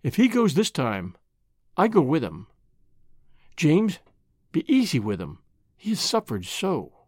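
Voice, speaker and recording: A soft, tender middle-aged mother in a storybook reading, as a narrator puts her on, her voice rising and falling in wide arcs. The sound is dry and close. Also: medium pitch, wildly swooping pitch, normal speed, breathy edge, no echo. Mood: urgent. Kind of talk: reading a classic short story aloud.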